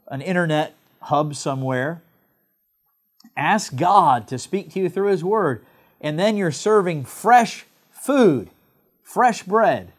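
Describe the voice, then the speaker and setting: Male preacher from England, slightly high voice, emphatic pulpit delivery. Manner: emphatic preaching with rising stresses and slow drawn-out phrases. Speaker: pastor. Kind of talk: sermon.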